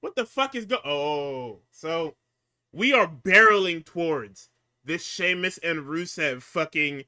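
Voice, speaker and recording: A man co-hosting a casual, profane talk show, recapping wrestling and swinging between hyped outbursts and low muttering. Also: expressive, slow, pushed and bright. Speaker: podcast co-host recapping wrestling.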